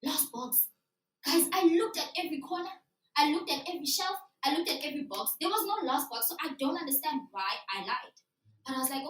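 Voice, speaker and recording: A woman's voice: sits high, brisk, a bit bright. A young woman from South Africa tells a personal story on stage, acting out her younger self and her teacher. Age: young adult. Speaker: student storyteller. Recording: echoey hall from far off.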